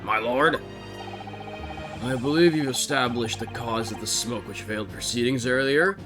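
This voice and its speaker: Stern formal game judge, read by a man streamer, measured diction, music in the background. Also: medium pitch, close to an everyday voice. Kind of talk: game dialogue read aloud.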